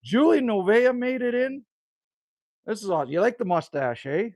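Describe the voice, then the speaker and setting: A man's voice: high voice, sing-song, normal speed, darkish tone, no echo, clean studio sound. Chatty older Canadian man on a livestream. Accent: Canadian, with bits of Newfoundland. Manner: chatty, reads out viewer names and answers them. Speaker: livestream host. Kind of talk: casual livestream chat with viewers. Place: cabin woodshed.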